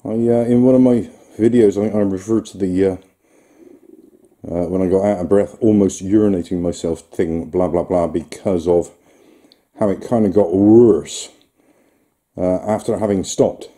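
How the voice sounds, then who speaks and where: A man with a low, very dark and mellow voice. He talks as he films himself, rambling in a loose, chatty commentary with fillers and small chuckles, as if talking half to himself and half to the viewer. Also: fairly even intonation, normal speed. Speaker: vlogger. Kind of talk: casual self-filmed commentary.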